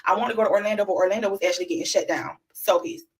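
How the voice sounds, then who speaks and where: Fast-talking woman telling a story. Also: mid-range voice, husky. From Florida, USA. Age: 30s. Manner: animated, slangy, addresses viewers as y'all and child. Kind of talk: casual storytime chat.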